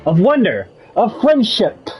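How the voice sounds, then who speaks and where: A man's voice: high-pitched, wildly swooping pitch, unhurried, a little mellow, voice pushed up, full character voice. A man reading as a forgetful old wizard. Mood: earnest. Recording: slightly muffled with faint game music.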